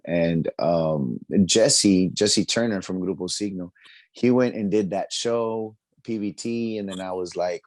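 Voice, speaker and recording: A man, a musician guest chatting casually in an interview, upbeat and quick to laugh. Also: lowish voice, darkish tone, no room sound. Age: 40s.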